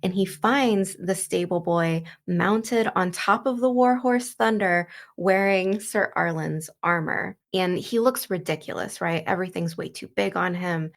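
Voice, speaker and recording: Gravelly, chatty woman retelling a book. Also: lowish voice, unhurried, few pauses. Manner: chatty, loose, full of "like" and "you know". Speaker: host of a book walkthrough. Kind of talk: casual book commentary and retelling.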